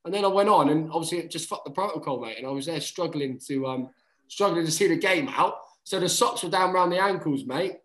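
Swearing rugby player telling a story, echoey. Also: male voice, a little high, quick pace. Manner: swears freely, says mate constantly; animated, acts out quotes. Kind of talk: casual storytelling chat.

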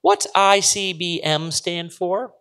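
A man reading aloud and voicing an eager young girl who loves spelling, with high, chatty questions. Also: fairly even intonation, takes it slowly, a bit bright. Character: excited young girl, spelling bee whiz.

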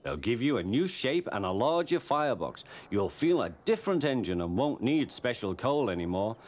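Man playing a stout kind railway boss, soothing and low-key. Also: very animated, normal speed, a little mellow, lightly acted. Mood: reassuring. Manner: soothing, reassuring. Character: stout kindly older male railway controller.

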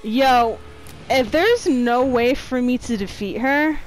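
A woman narrating a horror game as she plays, swearing a lot and moving from flat muttering to panicked yelps. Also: a little high, slow pace, faint music behind. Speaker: gamer. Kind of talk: let's play commentary.

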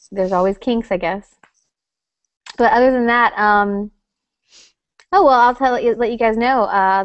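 A woman co-hosting a webcast, animated and rambling as she talks. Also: a little high, no room sound, highs cut off. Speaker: co-host, teacher. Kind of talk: casual webcast chat.

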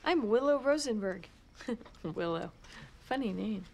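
A woman's voice: mid-range voice, lively intonation, a little slow, gravelly, a little mellow, a little hiss or hum. An actress playing a bubbly, playful young woman in a TV drama.

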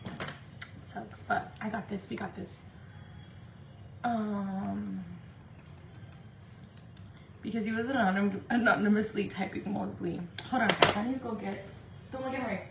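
A woman's voice: medium pitch, fairly even intonation, a little slow, gravelly, pauses often. A woman from California doing a casual makeup livestream, chatty and profane, laughing often and slipping into Spanish. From Indio, California. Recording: echoey room with faint noise.

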